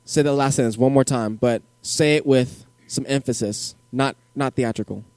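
A man giving a joking, energetic youth group sermon in casual slang, as a youth pastor. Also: mid-range voice, moderate pace, clear, resonant tone, no echo, clean studio sound.

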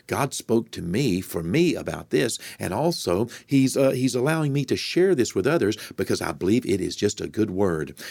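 A man's voice: on the low side, a little mellow, dry recording. A man preaching a podcast sermon, conversational with many fillers and building to emphatic preaching.

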